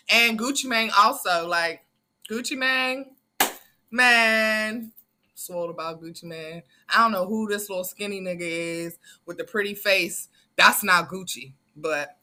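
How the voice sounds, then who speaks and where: Woman reaction host, very bright voice, emphatic and chatty, loose slang. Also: medium pitch. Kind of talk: casual reaction commentary.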